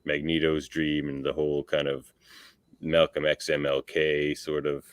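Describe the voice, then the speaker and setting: A man co-hosting a podcast in a casual chat, talking in a measured, thoughtful way and trailing off softly. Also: a bass voice, monotone, clean tone, dry recording, clean studio sound. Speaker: podcast co-host.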